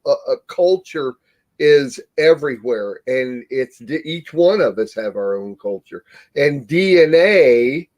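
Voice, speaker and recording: A man speaking as a panelist on a faith talk show, halting with many restarts. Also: mid-range voice, darkish tone. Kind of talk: casual faith discussion.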